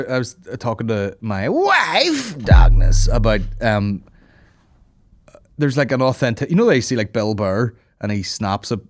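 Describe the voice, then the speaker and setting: A man in his thirties rants through a comedy podcast, swearing freely and jumping into loud mocking impressions. His voice sits in an ordinary middle pitch. The sound is close and dry, with no room around it. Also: no echo. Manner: swears constantly, mocks people in loud put-on voices. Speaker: podcast host. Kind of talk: profane comedic rant.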